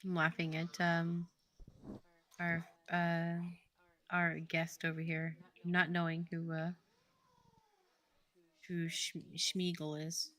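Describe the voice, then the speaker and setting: A young woman chatting casually on a game development stream. She talks slowly and giggles a lot, filling her sentences with "like". Her voice sits a little low. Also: monotone, a bit bright. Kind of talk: casual chat.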